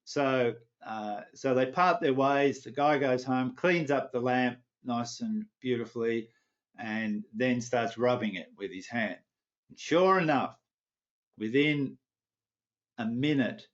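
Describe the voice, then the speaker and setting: A man teaching an online mindfulness class, telling a parable in a relaxed way, chuckling and checking in with his listeners over a video call. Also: medium pitch, slow pace. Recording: muffled online class audio.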